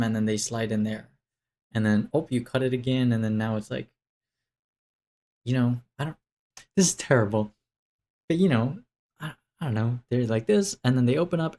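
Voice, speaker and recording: Young man, casual vlog update, mid-pitched, rambling, lots of fillers and self-interruptions, camera mic. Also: dark tone. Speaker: vlogger.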